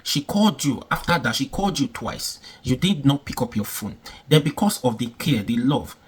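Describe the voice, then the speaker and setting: A man's voice: medium pitch, very animated, normal speed, slightly rough. A man giving casual, emphatic commentary, repeating himself and asking rhetorical questions.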